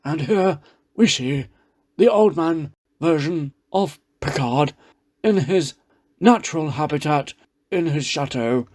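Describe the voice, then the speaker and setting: A man doing a hushed, measured impression of an elderly nature documentary narrator. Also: fairly high pitch, no room sound.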